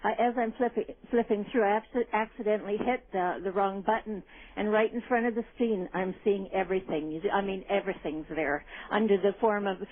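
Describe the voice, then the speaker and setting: A woman's voice: mid-range voice, steady tone, a little fast, slight background noise. A woman calling in to a radio show, talking in a rambling, indignant way and often agreeing with "absolutely". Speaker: caller. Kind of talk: call-in radio chat. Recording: tinny phone line.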